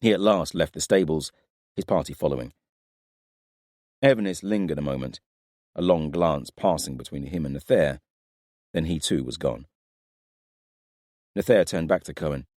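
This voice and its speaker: A man narrating a fantasy audiobook in a low, measured storytelling voice. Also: darkish tone, no echo, clean studio sound.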